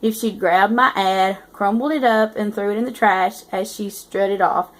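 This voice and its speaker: A woman's voice: mid-range voice, fairly even intonation, moderate pace, close to an everyday voice. A woman reading aloud as a teasing eighteen-year-old male student narrating his story. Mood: amused. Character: cocky teasing young male college narrator.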